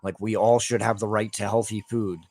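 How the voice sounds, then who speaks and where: A man's voice: fairly low pitch, level tone, a little fast, gravelly, a little mellow, breathy edge, no room sound. A man giving heated, profane rants over gameplay commentary, with lots of filler "like". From Canada. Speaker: gameplay streamer.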